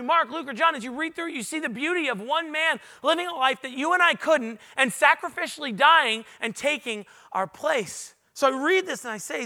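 A male pastor delivers a sermon to a big congregation in a church. His voice sits high for a man, with a sharp, ringing brightness. He talks earnestly, pushing up into loud emphatic peaks, then sinking into quiet, confessional asides. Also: a little fast, hardly any pauses. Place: church auditorium before a large congregation.

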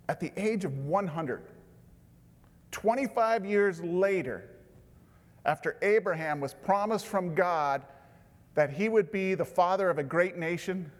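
A man preaching a sermon, dropping to a hushed tone for tender lines and rising to loud, emphatic bursts. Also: high voice. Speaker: pastor. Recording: long hall reverb.

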